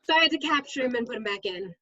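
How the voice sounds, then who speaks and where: A woman's voice: fairly high pitch, very fast, no room sound, muffled recording. Chatty woman teacher telling stories. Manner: lively storyteller, many "um"s. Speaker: middle school science teacher, guest. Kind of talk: casual interview storytelling.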